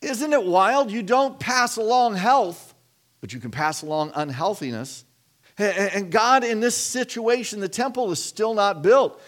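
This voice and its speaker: Man preaching in a conversational, higher voice. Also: a little slow, fairly bright tone. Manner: conversational preaching with repeated words and restarts. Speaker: pastor. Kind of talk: sermon.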